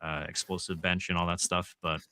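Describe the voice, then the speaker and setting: A man's voice: deep voice, moderate pace, no echo. A man co-hosting a podcast, chatting loosely about a video game with many ums. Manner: relaxed, chatty, lots of ums. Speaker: podcast co-host. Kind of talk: casual gaming chat.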